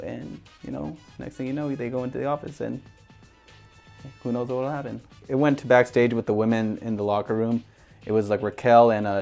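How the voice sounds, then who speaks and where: A man's voice: mid-range voice, gravelly, darkish tone. A man co-hosting a casual recap chat, rambling and hesitant with lots of fillers. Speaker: podcast co-host.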